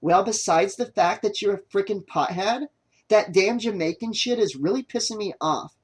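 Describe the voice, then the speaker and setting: A man's voice: high-pitched, normal speed, breathy edge, voice pushed up. Guy reading a snappy annoyed young woman documentary maker, lifted voice, curt. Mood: exasperated. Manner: curt, exasperated. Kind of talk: audiobook character voice.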